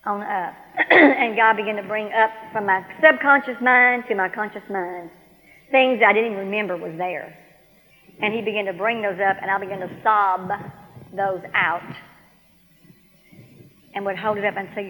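A woman's voice: mid-range voice, fairly even intonation, moderate pace, bright, forceful tone, long reverb tail, low-quality recording. A woman preaching a testimony sermon, telling her story with animation and acting out both sides of the conversation.

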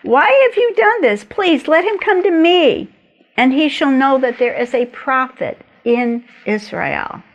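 A woman's voice: sits high, expressive, unhurried, voice pushed up. A woman voicing a male prophet who speaks with firm assurance. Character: prophet, calm and assured man.

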